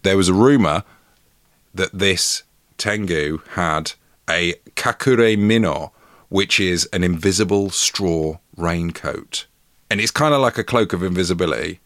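A man co-hosting a casual podcast, telling an old folk tale with animated delivery. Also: low-pitched, a little slow, no room sound, clean studio sound. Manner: animated, acts out characters in funny voices. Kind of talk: casual storytelling chat.

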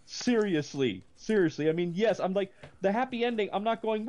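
A man, possibly middle-aged, co-hosting a casual movie chat, rambling with many restarts and breaking into animated rants. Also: high-pitched, normal speed, hardly any pauses, lo-fi sound. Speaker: podcast co-host.

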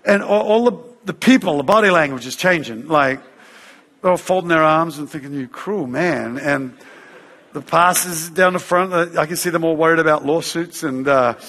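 A man preaching and telling a story, animated, acting out the voices of others and using fillers like "uh" and "you know". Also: a little high, normal speed, long reverb tail. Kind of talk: sermon storytelling.

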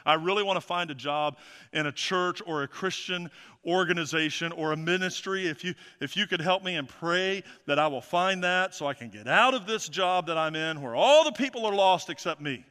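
Complaining new-believer woman told by a male preacher, bright voice, long hall reverb. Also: sits high, normal speed. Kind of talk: storytelling within a sermon.

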